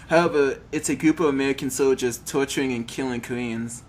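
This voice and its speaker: A man reads a text adventure game aloud with a mid-pitched voice, often tripping over words. He breaks off for casual joking comments between the narration. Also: normal speed, a little mellow.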